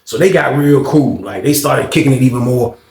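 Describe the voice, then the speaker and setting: A man telling a story in a casual vlog, slangy and animated, with lots of fillers and cursing. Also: medium pitch, a little fast, creaky. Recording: roomy echoey room.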